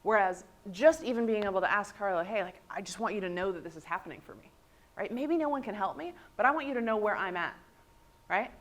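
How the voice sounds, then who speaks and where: A woman trainer presenting a workshop, lively and animated, often checking in with "right?". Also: mid-range voice, quick pace.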